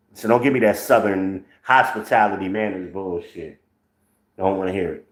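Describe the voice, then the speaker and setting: A man's voice: on the low side, measured pace, echoey room, low-quality recording. A man in his forties from the northern United States, hosting his own channel with blunt, profane, sarcastic social commentary. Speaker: channel host.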